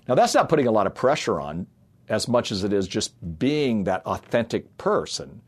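Middle-aged male ministry speaker, low voice, earnest family-story sermon. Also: very animated, moderate pace, slightly rough. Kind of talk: sermon-style talk with personal stories.

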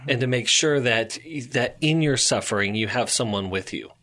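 A man speaking as a counselor in a casual talk, calm and reflective, with gentle pacing. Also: mid-range voice, moderate pace. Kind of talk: casual chat.

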